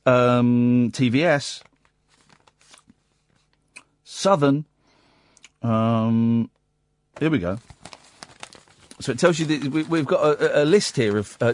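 A man's voice: on the high side, no echo. A man hosting a late-night radio show, rambling and sardonic, with bursts of mock outrage. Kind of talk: casual talk radio monologue. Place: radio studio. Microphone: studio microphone.

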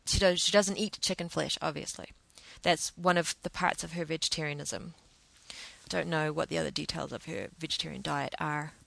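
A woman's voice: low-pitched, fairly even intonation, normal speed, gravelly, a bit bright, no room sound. A woman telling a personal story to camera in an emotional, hesitant way, with many restarts.

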